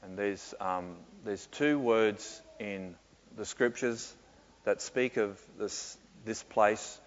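A man answering questions in a sermon, reflective and often pausing with fillers and soft laughs. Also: on the low side. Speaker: pastor. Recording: muffled with long hall reverb.

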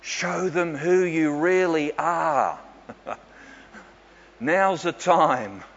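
A man's voice: a little high, extremely slow, a bit bright, voice pushed up, heavily acted. A man voicing a proud, doting mother who eagerly urges her son on, in a sermon. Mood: coaxing. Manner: coaxing, eager. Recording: dull echoey hall with faint ambience.

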